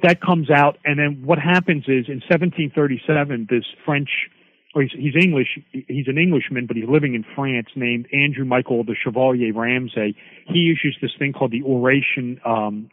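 A man's voice: medium pitch, dry recording. A man explaining history as an interview guest, rambling with many fillers. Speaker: guest expert on Freemasonry. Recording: dry, tinny phone line.

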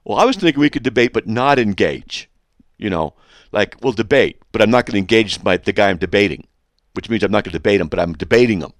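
A man hosting a radio show, reading a hostile letter aloud and mocking it with sarcastic, rambling, deadpan asides. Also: fairly low pitch, quick pace, no echo, studio quality.

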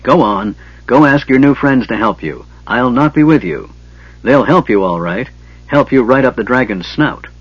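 A man's voice: medium pitch, expressive, fairly quick, no echo. A man voicing a stubborn, grumpy old male dwarf warrior who grumbles and bursts out angrily. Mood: angry. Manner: gruff, grumbling, explosive. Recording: dull lo-fi recording.

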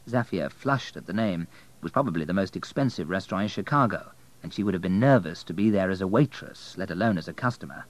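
A man narrating an audiobook in a steady, measured way. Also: deep voice, dry recording, highs cut off.

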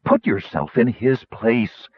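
A fiery woman warrior argues her case with force and conviction, as a male reader puts her on. The voice is husky and dry, with lively, swinging pitch. The sound is dull and lo-fi. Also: moderate pace, dry recording. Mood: persuasive. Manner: forceful, persuasive.

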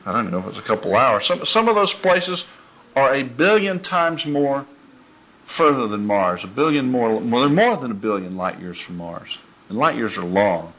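A man preaching an informal, folksy sermon, animated and quick to laugh. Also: mid-range voice.

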